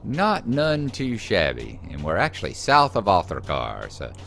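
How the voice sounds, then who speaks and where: Low slow guy rambling over his game, talks back to the npcs, music going under him. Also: wildly swooping pitch, creaky, a bit bright, slight background noise. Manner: chatty, talks to the game characters. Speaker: gameplay host. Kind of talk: casual gameplay commentary.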